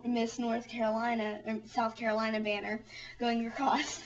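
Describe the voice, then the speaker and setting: A young woman telling a funny story in a rambling, giggly way, full of fillers. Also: a little high. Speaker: vlogger. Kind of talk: casual storytelling. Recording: distant, dull lo-fi home recording.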